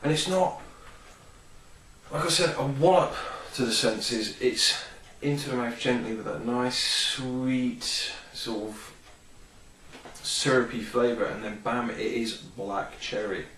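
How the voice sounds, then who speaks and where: A man's voice: mid-range voice, slow, fairly bright tone, slight background noise. A man reviewing a product in a casual, rambling vlog, full of ums and enthusiasm. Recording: roomy, distant from the mic.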